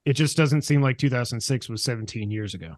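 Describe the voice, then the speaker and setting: A man's voice: medium pitch, animated, quick pace, a little mellow, no echo, clean studio sound. A man co-hosting a gaming podcast, chatting casually with a playful, teasing and rambling manner. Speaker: podcast co-host. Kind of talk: casual chat.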